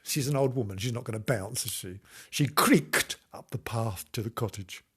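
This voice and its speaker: A man's voice: medium pitch, normal speed, fairly bright tone, husky. A man giving a comic reading of a children's story, breaking off for giggly, innuendo-laden asides. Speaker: reader and comic host.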